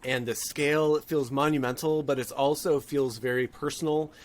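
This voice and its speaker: Guest voice: man, mid pitch, casual podcast chat, thinks aloud and restarts sentences. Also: steady tone. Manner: thoughtful, halting, with frequent restarts.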